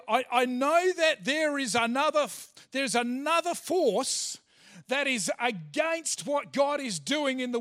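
Aussie pastor guy, really high voice, preaching hard, keeps repeating lines. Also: fairly bright tone. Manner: emphatic, repeats phrases, self-restarts. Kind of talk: sermon. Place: church hall.

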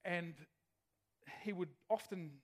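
High-voiced chatty male preacher. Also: fairly even intonation, slow. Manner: chatty, asks the congregation questions. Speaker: pastor. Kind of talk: sermon.

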